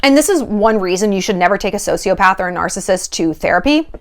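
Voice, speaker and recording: A woman giving dating advice in a casual commentary vlog, animated and sarcastic, swearing freely and acting out quoted voices. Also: mid-range voice, fast talker.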